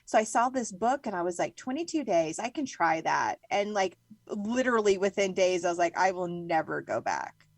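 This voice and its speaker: A woman's voice: lowish voice, expressive, moderate pace, no echo. A woman hosting a casual podcast interview, chatty and agreeable, telling her own story between small affirmations. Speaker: podcast host.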